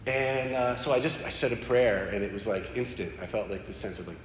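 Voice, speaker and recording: A man sharing a personal faith story in an animated, conversational way. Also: on the low side, brisk, few pauses. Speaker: speaker sharing a personal testimony. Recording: echoey hall with faint background noise.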